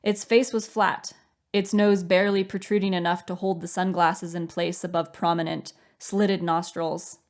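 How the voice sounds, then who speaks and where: A woman reading her own novel aloud as audiobook narration, in a measured, steady storytelling manner. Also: lowish voice.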